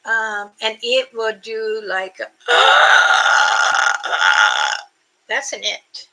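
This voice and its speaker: An older woman hosting a casual live stream, chatting slowly with viewers and imitating creature calls. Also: fairly high pitch, steady tone, sharp tone, rough recording. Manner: slow, unhurried talk with frequent fillers. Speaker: livestream host.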